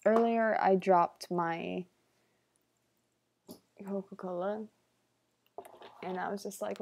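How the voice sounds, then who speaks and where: A woman's voice: mid-range voice, fairly even intonation, takes it slowly, vocal fry, long pauses, darkish tone, a little hiss or hum. A young woman hosting a casual livestream Q&A, joking around and dropping into whispered asides. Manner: playful, jokey, drops into whispered asides. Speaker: livestream host.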